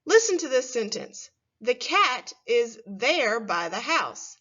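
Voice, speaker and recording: A woman teaching a first grade phonics lesson, speaking slowly and clearly and stretching words for young children. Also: a little high, sharp tone, highs cut off.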